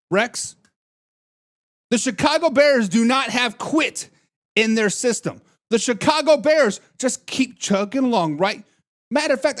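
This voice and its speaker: A man's voice: high voice, a bit bright. A man hosting a live sports talk stream, reading chat comments aloud in a playful, teasing way.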